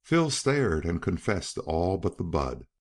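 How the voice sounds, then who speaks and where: Deep-voiced man narrating an audiobook. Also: very animated, unhurried.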